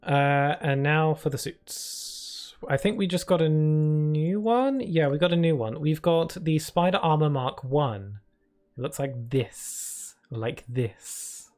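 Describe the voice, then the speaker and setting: This streamer's voice is fairly high, darkish, clear and resonant, and he speaks at a measured pace. He chats playfully and casually with viewers during a video game, answering them with plenty of fillers and restarts while game music runs behind him.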